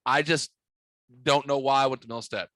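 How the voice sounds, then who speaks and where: A man's voice: medium pitch, steady tone, normal speed, sharp tone, no echo. Profane man telling a rambling story. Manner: profane, rambling, acts out dialogue in his stories. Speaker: podcast host. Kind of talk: casual storytelling chat.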